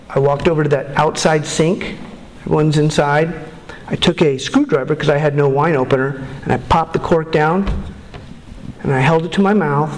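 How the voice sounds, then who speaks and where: Earnest middle-aged man, echoey room. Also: a little high. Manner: earnest and candid, with halting restarts. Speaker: recovery meeting speaker. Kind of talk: personal testimony.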